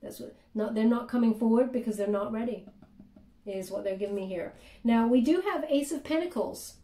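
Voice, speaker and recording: Tarot reader, female, chatty and hesitant with lots of ums; voice mellow, mic distant. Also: on the high side, a little fast, echoey room. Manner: chatty, hesitant, many fillers, drops to soft murmured prayers. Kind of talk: tarot reading monologue.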